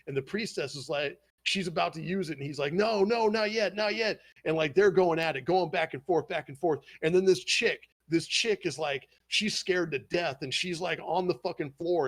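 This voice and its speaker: A man hosting a podcast, casually swearing as he eagerly retells an anime plot. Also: fairly high pitch. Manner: profane, animated storytelling retelling scenes. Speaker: podcast host.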